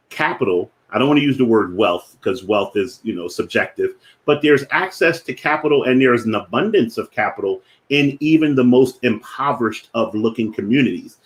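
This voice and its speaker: A man with a Philadelphia accent hosting a finance show, explaining ideas deliberately and repeating key definitions slowly for emphasis. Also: medium pitch.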